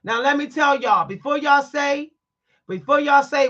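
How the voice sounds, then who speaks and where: A woman's voice: high-pitched, lively intonation, unhurried, fairly bright tone, dull audio. A woman telling a story to her viewers in a blunt, emphatic, preachy way, stressing her words. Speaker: vlogger. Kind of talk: candid storytime monologue to viewers.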